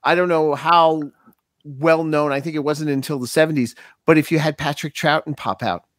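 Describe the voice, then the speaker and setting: A man's voice: on the high side, steady tone, normal speed, a bit bright, no room sound, studio quality. A man talking about comics and old TV on a podcast, eager, with frequent restarts. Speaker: podcast co-host. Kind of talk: casual comic book discussion.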